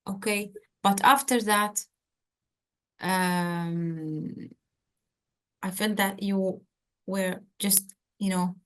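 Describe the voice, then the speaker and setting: A woman's voice: medium pitch, extremely slow, pauses often. A woman tutor giving direct, coaching feedback in an online session, often checking in with "okay?", heard over a video call. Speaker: medical exam tutor.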